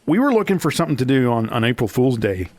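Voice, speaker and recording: A man's voice: mid-range voice, very animated, fast, a little mellow. A man, telling a story on the radio in a confessional way and laughing often. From Ohio, USA. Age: 40s. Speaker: radio host. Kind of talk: on-air radio chat. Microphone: studio microphone.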